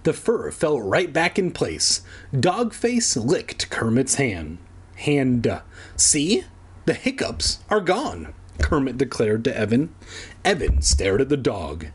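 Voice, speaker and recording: Male reader, husky and animated, storybook narration with crude off-script asides. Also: mid-range voice, takes it slowly. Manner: irreverent, swears in offhand asides. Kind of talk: casual storybook reading with asides. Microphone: home recording, edited later.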